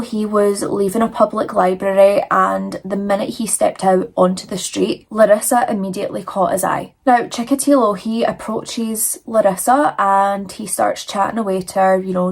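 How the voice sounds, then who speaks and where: A woman's voice: medium pitch, gravelly. A woman telling true crime stories in a chatty, dramatic way with frequent fillers, talking casually while she does her makeup and feels cold.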